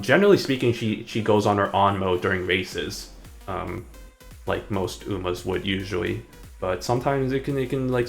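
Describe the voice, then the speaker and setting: Rambling male streamer, low gravelly voice, faint music behind. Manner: rambling, hesitant, self-correcting. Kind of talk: casual live-stream commentary.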